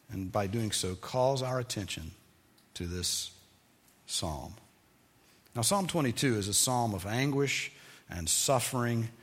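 A man preaching a sermon in a measured teaching tone, reading verses aloud and then explaining them. His voice sits at a middle pitch and trails off into a long reverb. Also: fairly bright tone.

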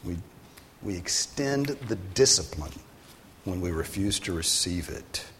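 A male pastor giving a sermon in a conversational way, sometimes rising for emphasis and then dropping low. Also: expressive, a little slow, slight background noise. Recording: long hall reverb.

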